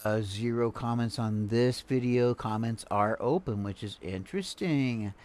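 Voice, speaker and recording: An older man from Houston giving casual, halting reaction commentary, with lots of fillers and restarts. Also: mid-range voice, a little mellow. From Houston, Texas. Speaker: live streamer reacting to a video.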